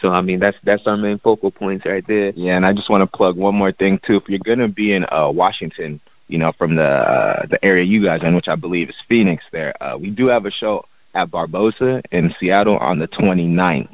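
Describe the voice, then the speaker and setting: A man's voice: deep voice, a little fast, few pauses, dry recording, poor audio. A man guesting on an interview as a musician, talking in a laid-back, casual way with loose slang and lots of fillers.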